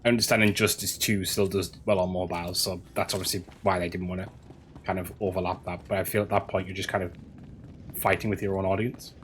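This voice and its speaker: A man's voice: sits low, flat delivery, fast talker, a little hiss or hum. A man streaming a game, chatting casually with his chat, stumbling over and repeating words as he rambles and swears now and then.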